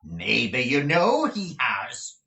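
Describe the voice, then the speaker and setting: A man's voice: mid-range voice, huge pitch swings, extremely slow, creaky, roomy sound, far from the mic, voice pushed up, full character voice. A man voicing a blustering, cruel middle-aged schoolmaster who barks and sneers. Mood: bullying. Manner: bullying, sneering, loud barks.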